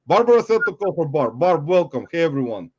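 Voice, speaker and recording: A man's voice: on the high side, very animated, brisk, a little mellow, a little hiss or hum. A man hosting a casual livestream chat, joking loosely and laughing often as he welcomes people. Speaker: livestream host. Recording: dull, lo-fi stream audio.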